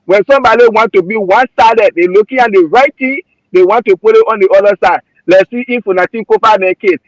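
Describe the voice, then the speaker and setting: A Liberian-accented man talks politics with heat and feeling, his voice pitched high for a man. He circles back over his points again and again. The sound is close and dry, with no room around it. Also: a little fast, no room sound, low-quality recording. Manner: emotional, repetitive, heated. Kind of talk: passionate political commentary.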